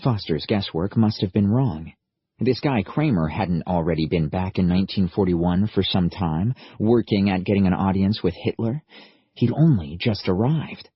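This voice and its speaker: A man narrating an audiobook in a steady, measured storytelling manner. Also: low voice, slightly rough, no echo, muffled recording. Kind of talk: scripted narration.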